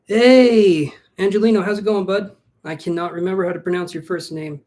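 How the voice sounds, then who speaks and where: A man doing a relaxed live tarot reading on a stream. He chats easily and jokes about himself. He talks his thoughts through out loud as he lays out cards for viewers. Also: high-pitched, a little fast. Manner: chatty, self-joking, thinks aloud. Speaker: tarot reader.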